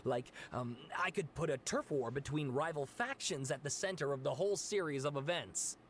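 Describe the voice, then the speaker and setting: Earnest game student voiced by a man, lively pitch, thinking out loud. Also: normal speed, slight background noise, close to an everyday voice. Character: earnest young male student writing an essay.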